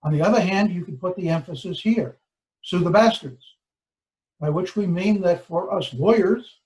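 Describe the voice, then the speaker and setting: An older man, a law professor, giving a formal lecture, with deliberate pacing and stressed key words. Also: high-pitched, mellow, rough recording. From United States.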